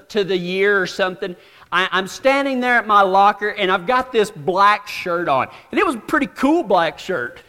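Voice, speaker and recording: A man's voice: high voice, pushed and bright. Folksy preacher man in a hall. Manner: folksy, self-deprecating humor with dramatic pauses. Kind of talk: storytelling sermon. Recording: long hall reverb.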